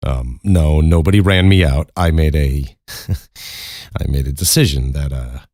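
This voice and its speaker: Low-voiced American man, swearing a lot. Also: measured pace, darkish tone, no echo, clean studio sound. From United States. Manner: profane, rambling, laughs often. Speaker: podcast host. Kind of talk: casual storytelling monologue.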